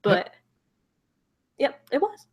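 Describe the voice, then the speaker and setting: A young woman with a Southern US accent, hosting a casual stream, laughing often and reading viewer comments. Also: slow. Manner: giggly, reads viewer comments. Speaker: host. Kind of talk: casual livestream chat.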